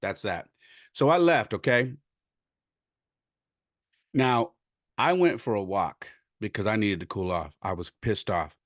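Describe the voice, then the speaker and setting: A man's voice: on the low side, measured pace, pauses often, dry recording, studio quality. A man hosting a podcast, venting a personal story in a profane, emphatic way. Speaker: podcast host and youth baseball coach.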